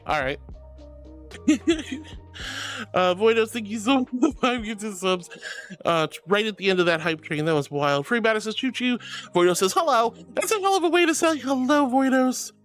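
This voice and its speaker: A woman streaming as a VTuber, casually reading chat with bubbly, affectionate warmth, calling viewers sweetie and honey. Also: expressive, moderate pace, faint music behind. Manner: playful, swings between squeaky highs and low mutters.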